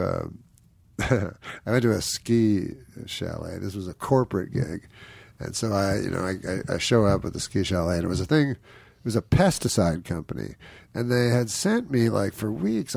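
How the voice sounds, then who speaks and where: Middle-aged male comedian, low raspy voice, dry close sound, spins self-mocking tales and acts out the other people in them. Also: a little mellow, dry recording. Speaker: guest comedian. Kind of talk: casual storytelling anecdote.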